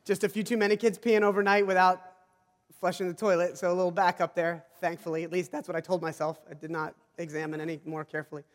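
A male pastor with a fairly high voice tells a rambling, self-deprecating story in his sermon. He stumbles and restarts often. His voice rings with the long reverb of a large hall. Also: flat delivery, fast talker.

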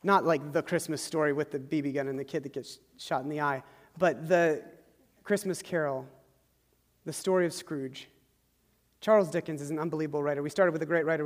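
A man's voice: on the high side, fairly quick, long pauses. A male pastor preaching a sermon, reading a story aloud in an earnest, emphatic way and leading a prayer. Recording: reverberant hall.

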